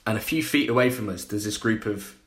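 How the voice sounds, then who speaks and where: A man, a podcast guest telling a story in a lively way and acting out other people's voices. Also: on the low side, fast talker. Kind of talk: casual anecdote telling.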